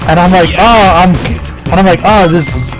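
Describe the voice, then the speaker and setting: A man's voice: high voice, lively intonation, moderate pace, music in the background. A man giving casual, rambling gameplay commentary, full of fillers, restarts and the odd swear word. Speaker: gaming commentator.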